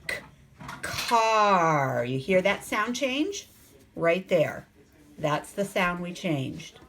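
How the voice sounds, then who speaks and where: A woman teaching a phonics lesson to young children, sounding out letters slowly and asking the class coaxing questions. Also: lowish voice, big pitch swings. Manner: slow, sounds out letters and words.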